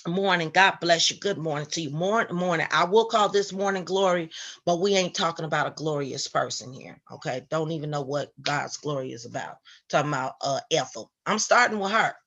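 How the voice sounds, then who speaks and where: A woman hosting a Christian live stream, greeting viewers by name and talking in a preachy, animated way. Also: deep voice, fairly quick. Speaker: Christian online show host. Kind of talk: casual live-stream commentary.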